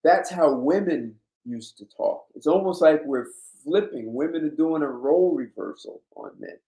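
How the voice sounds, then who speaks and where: A man's voice: a little high, lively intonation, moderate pace, warm tone. A man hosting a blunt, emphatic monologue in a casual, lecturing way. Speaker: host. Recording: roomy echo.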